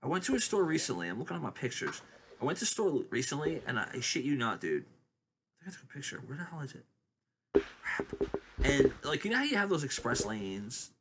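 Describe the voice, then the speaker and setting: Animated, rambling man telling stories. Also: mid-range voice, fairly quick. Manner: rambling, profane storyteller. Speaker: podcast co-host. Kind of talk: casual chat. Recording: steady background noise.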